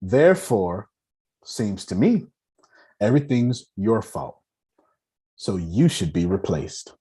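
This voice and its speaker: Husky, animated man preaching to a crowd. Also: on the low side, slow. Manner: preachy, folksy, addresses listeners directly. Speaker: motivational speaker. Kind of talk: lively talk to a live audience.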